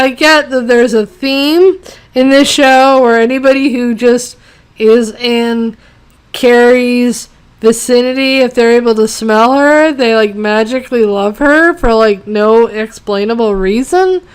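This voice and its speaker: A woman with a fairly high, smooth and clear voice rants casually about a TV episode. She sounds exasperated and sarcastic, swears freely, and rambles through plenty of fillers. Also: measured pace. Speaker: TV episode reviewer. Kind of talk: casual ranting review.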